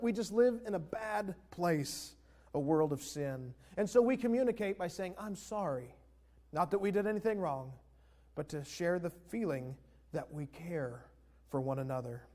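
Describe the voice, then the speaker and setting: A man's voice: high voice, expressive, moderate pace, a little mellow. A man, a pastor, giving a conversational sermon in a church and leading the congregation in call-and-response. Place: church sanctuary.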